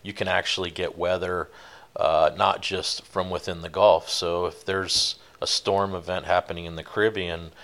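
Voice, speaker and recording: Deep-voiced man telling a sea story. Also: normal speed. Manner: relaxed, rambling, many fillers. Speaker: guest, offshore fishing boat captain. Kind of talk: casual interview storytelling.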